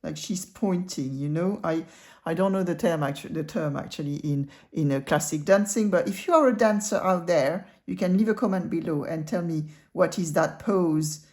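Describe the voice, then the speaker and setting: A woman hosting a casual cartoon drawing lesson, talking the viewer through every line she draws. Her voice sits a little low, and her tone is relaxed and chatty. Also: normal speed. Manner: chatty, talks the viewer through each stroke.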